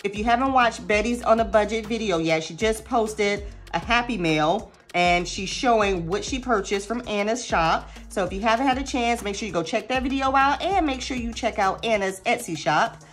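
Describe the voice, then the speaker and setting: Lady vlogging, chatty and animated, soft music playing under her. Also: medium pitch, normal speed, hardly any pauses. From United States. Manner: chatty and animated, addresses viewers as y'all. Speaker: budgeting vlogger. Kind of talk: casual chat to camera.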